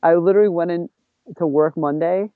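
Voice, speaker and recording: A man's voice: on the high side, fairly even intonation, fairly quick, clear, resonant tone, no room sound. A man guest on a podcast, casually telling a rambling story with lots of "like" and acted-out quotes, on a dull lo-fi recording. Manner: rambling, heavy use of "like", acts out quotes.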